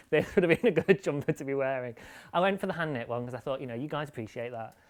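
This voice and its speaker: A man's voice: on the high side, expressive, normal speed. A man hosting a live podcast stream, chatting casually in a rambling, playful way and laughing often. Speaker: podcast host.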